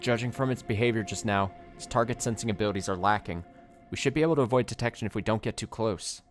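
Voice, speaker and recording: A man's voice: on the low side, quick pace, soft background music, close to an everyday voice. A man voicing a polite, methodical young male tech detective in a game playthrough. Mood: calm.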